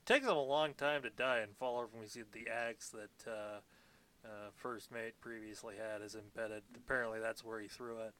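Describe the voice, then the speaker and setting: A man's voice: lowish voice, fairly even intonation, normal speed, fairly bright tone. A man co-hosting a casual podcast, recapping a film with sardonic, swear-laden remarks and mumbled asides. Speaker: podcast co-host. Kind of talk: casual movie recap banter.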